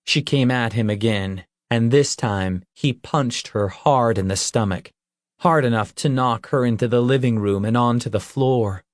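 Slow, measured male audiobook narrator. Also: medium pitch, no echo, clean studio sound. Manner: measured, even storytelling.

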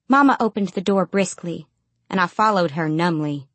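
A woman narrating first-person fiction in a measured, steady storytelling manner. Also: lowish voice, dry recording. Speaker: audiobook narrator.

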